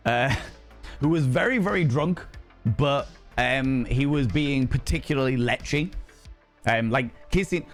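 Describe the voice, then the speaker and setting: Guy, young, casual swearing storyteller, mid pitch, faint music behind. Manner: swears freely, animated retelling with quoted voices. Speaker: streamer.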